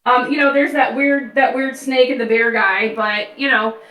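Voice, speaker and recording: Woman guest on a podcast, kinda high voice, heartfelt and sentimental, sounds far off from the mic in a roomy space. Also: fairly even intonation, moderate pace, fairly bright tone. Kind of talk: casual chat.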